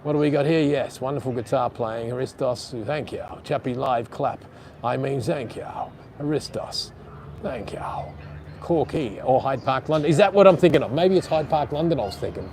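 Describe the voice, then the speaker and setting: A man's voice: medium pitch, normal speed, darkish tone, a little hiss or hum. An Australian man live streaming outdoors in a city on a phone gimbal, rambling bluntly and swearing casually while reading out chat comments.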